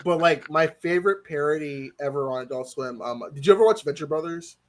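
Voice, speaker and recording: A man with a high voice chats casually on a livestream, animated and quick to laugh. He swears freely and acts out quotes as he talks. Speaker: co-host of a movie review livestream. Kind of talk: casual chat.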